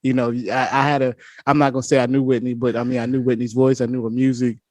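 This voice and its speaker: A man's voice: medium pitch, flat delivery, fast, no room sound. A young adult man hosting a podcast interview, chatting casually and enthusiastically, often repeating his words. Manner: warm, enthusiastic, repeats himself. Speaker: podcast host.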